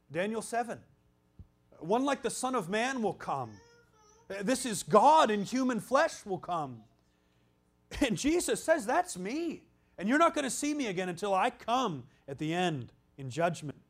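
A high-pitched man preaches a sermon emphatically, swinging from loud exclamations down to hushed, almost whispered lines.

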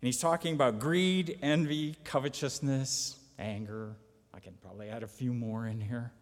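A man's voice: medium pitch, steady tone, normal speed, big-room sound. A man preaching a conversational sermon, reading scripture aloud and pressing his points with emphasis. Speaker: pastor or Bible teacher.

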